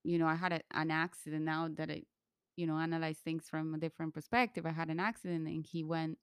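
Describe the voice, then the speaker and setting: A woman from Colombia telling a candid personal story in conversation, lively when she quotes others. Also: low-pitched, quick pace, smooth, no echo, studio quality.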